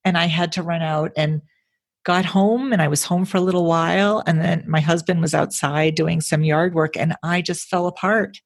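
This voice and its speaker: A woman's voice: fairly low pitch, fairly even intonation, normal speed. A woman hosting a conversation, agreeing with her guest and reflecting on it with a story of her own. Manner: agreeable and reflective, shares matching stories. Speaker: host. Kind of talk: casual conversation.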